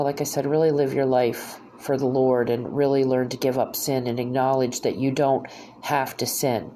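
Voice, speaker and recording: A woman's voice: a bass voice, dark tone, slight background noise. A middle-aged woman hosting a podcast, talking at length about her faith in a rambling, heartfelt way, full of restarts and "you know". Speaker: podcast host. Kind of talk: personal monologue on faith.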